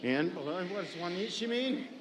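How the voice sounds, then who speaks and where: A man leads a group of children through call-and-response, taking his time over every instruction. His voice sits a little high and stays playful and coaxing. It rings out with a long hall reverb, and faint ambience sits underneath. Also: expressive, measured pace, noisy background. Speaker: language teacher at a powwow. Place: large indoor hall.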